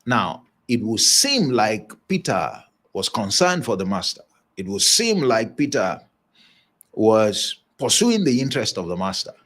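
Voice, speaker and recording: A man's voice: on the low side, big pitch swings, a little slow, fairly bright tone. A man giving a motivational leadership talk, stressing points by repeating phrases and chuckling now and then. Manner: emphatic preaching delivery with chuckles. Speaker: leadership speaker.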